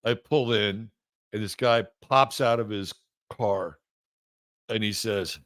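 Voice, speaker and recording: A man hosting an astrology show, talking casually in a halting way with many fillers and restarts. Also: lowish voice, fairly bright tone, no echo. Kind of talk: casual spoken monologue.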